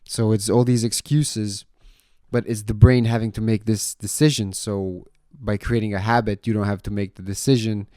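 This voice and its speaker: Young man, casual vlogger, low and mellow, close dry sound; loose, swearing, storytelling delivery. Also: normal speed, no echo. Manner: laid-back, swears casually, says "man" and "you know" a lot; gets loud and animated when retelling the surf story.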